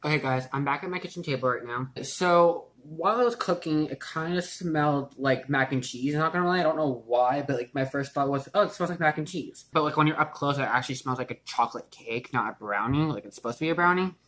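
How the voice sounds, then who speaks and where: A man's voice: mid-range voice, fairly quick, few pauses, fairly bright tone. A young man chatting casually in his home kitchen while baking for his vlog, rambling and self-mocking, with lots of fillers and swearing. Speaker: vlogger.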